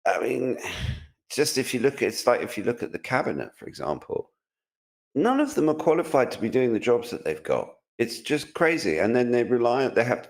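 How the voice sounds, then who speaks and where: A man's voice: on the low side, vocal fry. A man from Britain co-hosting a casual chat, mocking and opinionated, rambling with restarts. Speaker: co-host, tech commentator.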